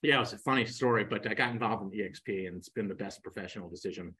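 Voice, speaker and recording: A man's voice: lowish voice, quick pace, husky, rough recording. An older man, a guest real estate coach, telling his story in a podcast interview and acting out the people he quotes. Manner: animated storyteller who acts out quoted speakers.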